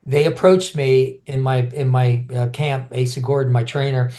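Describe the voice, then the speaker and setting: In a casual interview, a former kickboxing champion in middle age recounts his stories with plenty of animation. He speaks at normal speed in a mid-range voice, frequently restarting and imitating how others talk.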